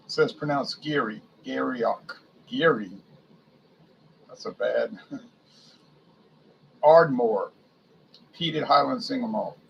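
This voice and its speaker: Gravelly man reading a liquor list. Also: mid-range voice, takes it slowly, long pauses, lo-fi sound, slight background noise. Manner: muses aloud, stumbles over foreign names. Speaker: beer and spirits reviewer. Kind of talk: casual reading aloud from a liquor catalog.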